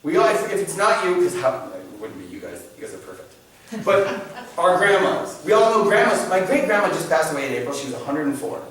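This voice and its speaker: A man giving a church teaching talk in an animated, joking, conversational way. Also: high-pitched, fast, crowd noise. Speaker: church catechist speaker. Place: church hall. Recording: echoey hall, distant mic.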